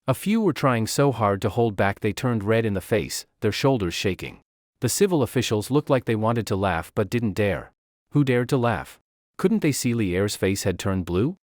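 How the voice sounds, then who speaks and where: A man narrating a comic recap of an illustrated story in a brisk, expressive way. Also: on the low side, dry recording, studio quality.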